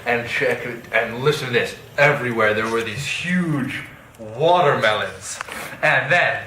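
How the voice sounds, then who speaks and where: A man's voice: mid-range voice, a little slow, bright, forceful tone, a little hiss or hum. A man playing Othello as a casual, rambling modern guy in a parody skit, telling his story with slang. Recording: echoey room, mic at a distance.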